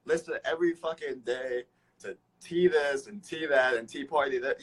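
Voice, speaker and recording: A young man hosting a casual phone livestream, talking excitedly and swearing nonstop. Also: medium pitch, normal speed, slightly rough, poor audio. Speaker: livestream host.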